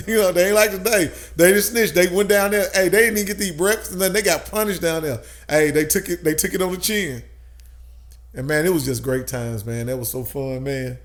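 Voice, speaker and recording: A man, a guest telling an animated story with frequent laughs. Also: fairly high pitch. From Tennessee, USA. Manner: animated, laughs often, swears. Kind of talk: casual storytelling.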